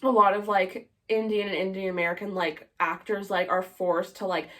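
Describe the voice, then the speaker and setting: A woman's voice: medium pitch, level tone, normal speed, a bit bright. A young woman co-hosting a podcast in casual chat, giving blunt opinions and saying "like" a lot. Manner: chatty, opinionated, heavy use of "like". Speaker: podcast co-host.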